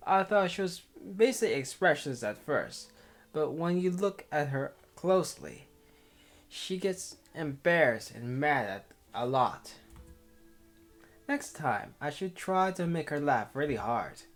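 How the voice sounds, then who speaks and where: A man's voice: fairly high pitch, lively intonation, a little slow, soft background music. A man reading a visual novel aloud with his own commentary, rambling and cutting himself off. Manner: rambling, self-interrupting, laughs often. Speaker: let's player.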